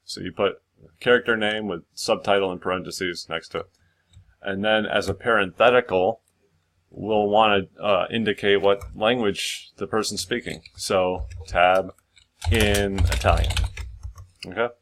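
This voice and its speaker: A man's voice: lowish voice, steady tone, measured pace, a bit bright. A man giving a casual screenwriting tutorial over his screen, rambling with lots of fillers and restarts.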